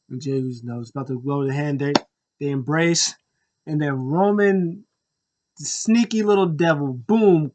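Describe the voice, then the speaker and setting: A man hosting a wrestling review, retelling a match in an excited, rambling play-by-play way. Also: a little high. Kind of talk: casual wrestling recap.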